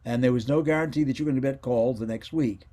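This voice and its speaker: A man's voice: medium pitch, quick pace, dark tone. An older man, a former child radio actor, telling meandering stories as an interview guest on a video call, often correcting himself. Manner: meandering, self-correcting storyteller. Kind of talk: casual reminiscing interview.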